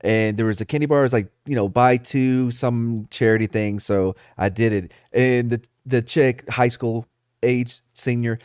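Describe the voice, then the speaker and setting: A man's voice: medium pitch, normal speed, clean tone, no room sound. Man with a dry, close sound. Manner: profane, animated storyteller. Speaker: podcast co-host. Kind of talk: casual chat. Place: San Antonio.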